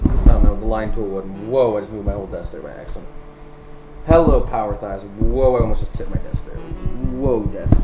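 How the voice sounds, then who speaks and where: A young man with a lowish voice rambles loosely over a speed drawing, full of fillers and offhand swearing. He talks into a desk mic at home, with music playing behind him. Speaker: artist narrating his speed drawing. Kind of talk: casual rambling voice-over commentary. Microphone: desk microphone, recorded separately over the video. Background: background music.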